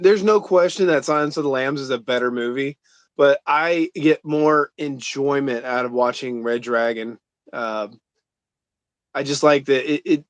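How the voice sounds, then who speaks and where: Chatty man, slightly high voice, dry close sound, loose rambling movie talk. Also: dry recording. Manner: rambling, lots of likes and uhs. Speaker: podcast co-host. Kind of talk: casual movie commentary chat.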